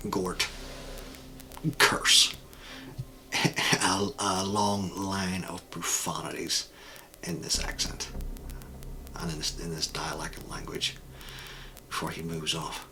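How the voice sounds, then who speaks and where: A man running a tabletop role-playing game as game master, narrating scenes in a measured, descriptive way. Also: sits low, completely flat delivery, vocal fry, sharp tone, whispered, poor audio.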